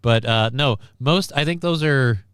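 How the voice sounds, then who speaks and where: A man's voice: medium pitch, a little slow, a bit bright, smooth, dry recording. A man hosting a casual live stream, rambling and wry with crude asides, reading out and thanking viewers. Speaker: stream host.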